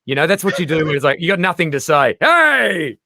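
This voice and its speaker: A man in casual interview chat, an animated storyteller who acts out the voices he quotes. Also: a little high, rapid-fire, no room sound, clean studio sound. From Australia. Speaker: comedian guest.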